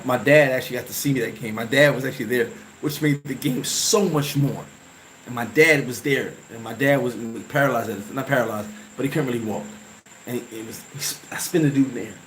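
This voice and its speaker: A man hosting a vlog, telling an emotional story from his playing days in a casual, animated way, full of restarts and sound effects. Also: mid-range voice, brisk, a little hiss or hum, poor audio. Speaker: vlog host.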